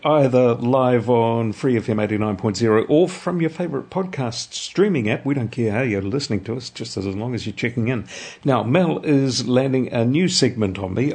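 A man's voice: mid-range voice, gravelly, a little mellow, husky. A man hosting a radio show in easygoing casual chat. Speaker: radio host.

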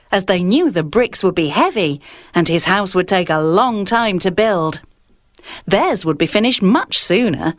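A woman's voice: medium pitch, no echo, clean studio sound. A woman reading a children's story aloud in a sing-song storytelling manner on a kids' radio show.

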